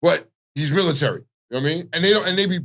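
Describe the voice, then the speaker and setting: A man with a Baltimore accent talks loosely and profanely in casual morning-show banter. His voice sits a touch higher than most men's. He keeps checking in with his listener as he goes. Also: racing, a bit bright. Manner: laid-back, profane, keeps asking "you know what I mean". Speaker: radio co-host.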